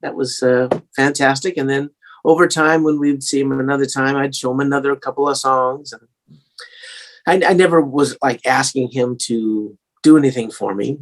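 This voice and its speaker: A man's voice: medium pitch, normal speed. A man with a slightly English-tinged American accent, a singer-songwriter telling stories in a casual interview, rambling with many fillers and restarts.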